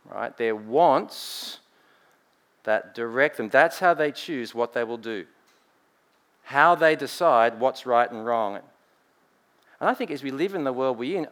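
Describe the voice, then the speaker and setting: An Australian man delivering a sermon, his pitch sitting mid-range for a man. He shifts between loud, emphatic stretches and quiet, close asides, tossing in rhetorical checks as he goes. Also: expressive, slow, long pauses. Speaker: preacher.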